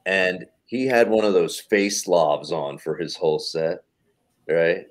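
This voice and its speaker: Low-voiced man telling a comedy story. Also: slow. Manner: animated anecdote telling with swearing and acted quotes. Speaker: comedian guest. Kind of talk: casual storytelling on a podcast.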